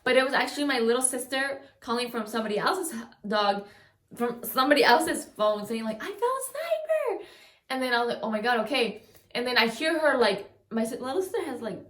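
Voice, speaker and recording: A woman's voice: fairly high pitch, fairly quick, a bit bright. A young woman telling a long personal story to the camera in a loose, rambling way, leaning on "like" and often restarting her sentences. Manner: rambling, heavy use of "like", frequent restarts. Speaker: vlogger. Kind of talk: casual storytime. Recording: roomy echo.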